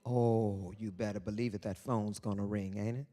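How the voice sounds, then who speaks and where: A woman speaking as an author and guest on a theater stage, loud and bawdy, swinging between shouts and hushed whispers. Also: a bass voice, fairly even intonation, normal speed. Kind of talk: animated live stage talk. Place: theater stage before an audience.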